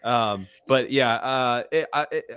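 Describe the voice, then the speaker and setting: A man's voice: mid-range voice, slow pace, clear, resonant tone. A man co-hosting a casual movie review chat, stumbling over his starts and jumping in with his own stories. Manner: animated, apologetic interrupter, stumbling starts. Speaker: podcast co-host.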